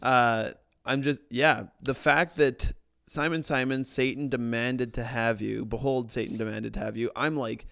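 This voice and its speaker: A man's voice: mid-range voice, steady tone, measured pace, vocal fry, fairly bright tone, no room sound, studio quality. A man co-hosting a podcast, reading scripture aloud earnestly and turning it over with questions. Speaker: podcast co-host. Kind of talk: casual Bible discussion.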